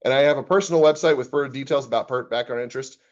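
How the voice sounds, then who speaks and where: A man's voice: medium pitch, racing, muffled recording. A man, an accounting professor, giving a casual classroom lecture and reading chatbot replies aloud with his own comments.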